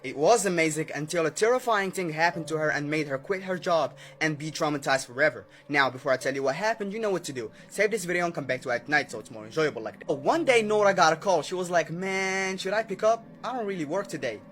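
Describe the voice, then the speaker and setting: A young man tells a creepy story in a casual storytime style, talking fast with few pauses in a fairly bright, expressive voice on the high side. He's chatty and keeps checking in with "okay?" and "right?"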